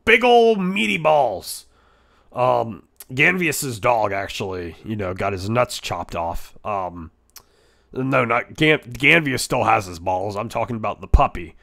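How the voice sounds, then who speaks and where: A man streaming in character as a brash male echidna, reacting with crude jokes and loud goofy outbursts. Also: fairly low pitch, expressive, unhurried, creaky.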